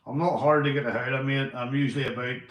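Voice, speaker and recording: A man's voice: mid-range voice, steady tone, quick pace. Chatty Northern Irish man, echoey room. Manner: chatty and swearing, giving shout-outs to viewers. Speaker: live streamer. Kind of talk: casual live-stream chat. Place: indoors at home.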